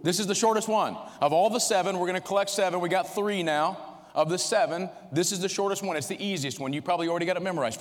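A man delivering a sermon from a church sanctuary, talking to the congregation in a relaxed, conversational way with emphatic turns. His voice sits a little high for a man. The sound rings out with the long reverb of the hall. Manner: conversational, emphatic preaching with a short opening prayer. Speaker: pastor.

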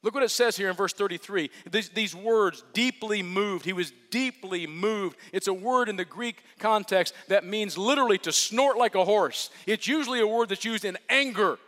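A man with a high voice delivers an earnest sermon, dropping to near-whispers and then rising to emphatic peaks as he repeats key words. His voice rings out with the long reverb of a large church hall. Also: normal speed, hardly any pauses. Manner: earnest preaching that swings from hushed to emphatic, with repetition. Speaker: pastor.

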